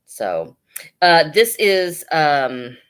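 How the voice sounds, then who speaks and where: In a relaxed live sale, a woman presents hat pins while chatting and laughing with viewers and addressing them directly; she sells hat pins and jewelry. Her low-sitting voice is very animated, with drawn-out words and a fairly bright, clear, resonant tone.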